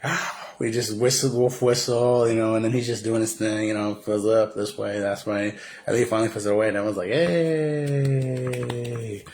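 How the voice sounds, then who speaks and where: A low-voiced man retells a film in a loose, animated way, filling gaps with ums and short laughs as he goes. Faint background noise sits under his voice. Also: fast. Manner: animated, acts out lines, laughs, loses his train of thought. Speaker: film fan recounting a movie.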